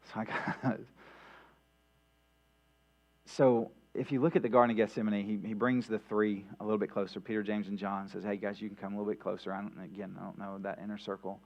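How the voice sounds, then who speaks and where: A man's voice: fairly low pitch, flat delivery, fairly quick, a little mellow. A man preaching a midweek sermon in a church, talking conversationally with many "right?" asides and restarts. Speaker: pastor. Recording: dull lo-fi sound with mains hum.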